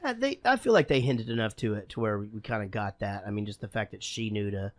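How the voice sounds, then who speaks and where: A man's voice: on the low side, animated, fast talker. Jokey man on a movie podcast. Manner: jokey, offhand. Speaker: podcast co-host. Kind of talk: casual movie chat.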